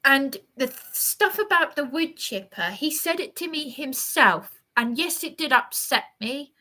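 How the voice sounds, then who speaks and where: A woman streaming from a hotel room, chatting with her viewers in a rambling, halting way and answering their comments as they come in. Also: high-pitched, animated, bright, forceful tone. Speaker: livestreamer. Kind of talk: rambling live chat to viewers.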